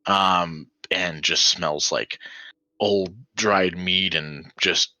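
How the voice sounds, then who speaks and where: A man's voice: sits low, steady tone, drawn-out words, bright, forceful tone, dry recording. A man running a tabletop game as game master, rambling with many fillers.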